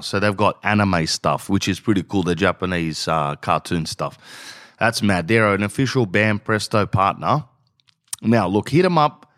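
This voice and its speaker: Slangy Australian podcast host, low voice. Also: male voice, no echo, clean studio sound. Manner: slangy, animated, calls listeners bro. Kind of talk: casual storytelling and ad read.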